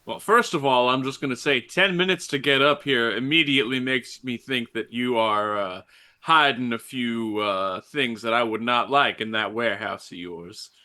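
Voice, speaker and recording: A man's voice: medium pitch, normal speed, bright, forceful tone. A man voicing a brash, cowboy-booted man who bluffs his way in as a safety inspector, talking in a folksy drawl. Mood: pushy.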